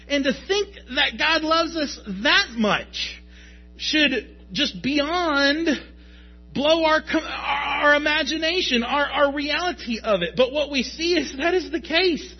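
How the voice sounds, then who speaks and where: Male pastor, thirties: high husky voice, emphatic sermon delivery, dull lo-fi sound. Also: slow pace. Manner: emphatic, rising to shouts at peaks.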